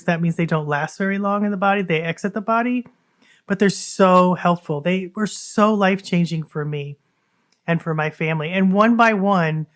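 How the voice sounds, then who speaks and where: A woman hosting a podcast, telling a personal story in an earnest, conversational way and talking straight to her listeners. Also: fairly low pitch. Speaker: podcast host.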